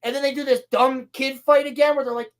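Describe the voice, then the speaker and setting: On a laid-back podcast, a woman whose voice sits high with little pitch movement recaps a show in a cursing, exasperated rant, punctuated by quick acted-out quotes.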